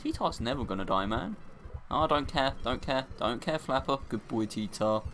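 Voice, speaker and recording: A young man giving casual gameplay commentary, excitable and crying out in high-pitched dismay when things go wrong. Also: moderate pace, a little hiss or hum. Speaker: let's play gamer.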